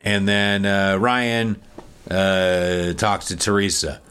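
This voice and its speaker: A man's voice: low-pitched, slow pace, clean tone. A man casually recapping a TV episode, acting out lines in put-on voices and laughing often. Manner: animated storyteller, acts out quoted lines in put-on voices, swears and laughs often. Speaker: podcast host recapping a TV episode.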